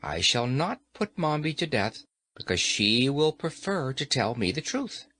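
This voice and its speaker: A man's voice: mid-range voice, big pitch swings, measured pace, sharp tone, no echo, heavily acted. A man voicing a stately, powerful sorceress who speaks sternly and with authority. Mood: calm. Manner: stern, commanding.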